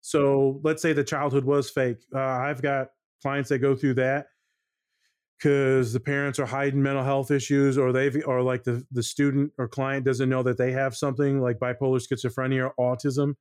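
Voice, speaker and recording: A man's voice: medium pitch, flat delivery, normal speed, darkish tone, clear, resonant tone, dry recording, studio quality. A man, a therapist, chatting casually on a podcast, laid-back and swearing, explaining with acted-out examples.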